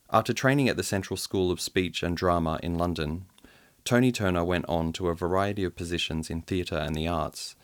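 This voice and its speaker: A man hosting a radio program, reading a formal scripted introduction of his guest in a measured way. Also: deep voice, dry recording. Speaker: radio host.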